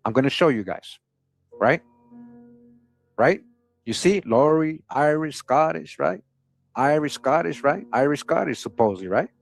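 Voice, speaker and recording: A man's voice: fairly high pitch, expressive, measured pace, gravelly, pauses often. A man hosting a history channel, casually talking through old sources and often asking his viewers "right?". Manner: conversational, keeps asking "right?", chuckles often.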